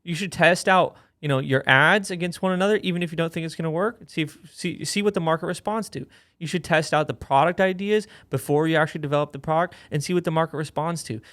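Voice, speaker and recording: A man's voice: fairly high pitch, fast talker, hardly any pauses, fairly bright tone. A young adult man co-hosting a casual business podcast, speaking in a laid-back, agreeable way with loose restarts. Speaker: podcast co-host.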